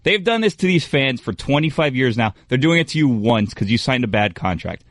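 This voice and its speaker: A man's voice: mid-range voice, animated, a little fast, no room sound. A male sports radio co-host ranting in a heated, scornful way at a studio microphone.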